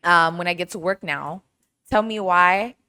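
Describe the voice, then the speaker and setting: A woman hosting her own podcast, telling a story in a chatty, animated way with lots of asides. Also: on the low side, measured pace, clear, resonant tone, dry recording. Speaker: podcast host. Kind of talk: casual storytelling monologue.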